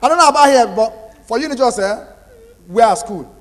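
Young nigerian guy doing stand-up, lively, reverb from a big hall, bit of noise. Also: extremely high pitch, normal speed. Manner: animated, acts out characters. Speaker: stand-up comedian. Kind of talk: stand-up comedy in pidgin. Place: large hall, live audience.

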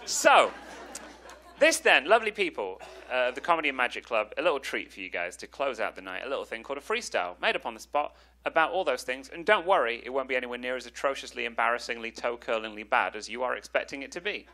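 A man's voice: medium pitch, big pitch swings, fast talker, sharp tone. A young English man doing stand-up crowd work, teasing and self-mocking, then freestyle rapping on a club stage. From England. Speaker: stand-up comedian. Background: music under the rap.

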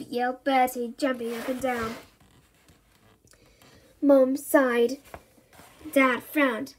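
A woman reading a children's book aloud in a lively, expressive way. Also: sits high, measured pace. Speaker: story reader.

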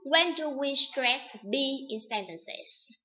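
A woman teaching an English lesson, reading vocabulary items and examples slowly and deliberately. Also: high voice, pushed and bright. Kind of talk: recorded vocabulary and pronunciation lesson. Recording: dull lo-fi recording.

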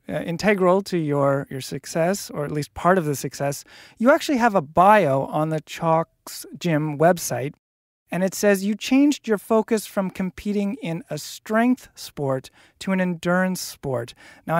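Casting note: interviewer, mid pitch, dry close-mic sound, measured questions. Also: no room sound. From Canada. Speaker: podcast interviewer. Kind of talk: podcast interview.

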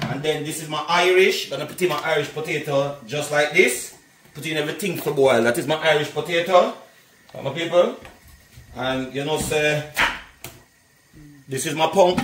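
A man's voice: fairly high pitch, reverberant, noisy background. Chatty Jamaican man, cooking vlog. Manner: chatty, keeps calling viewers "my people". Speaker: cooking vlogger.

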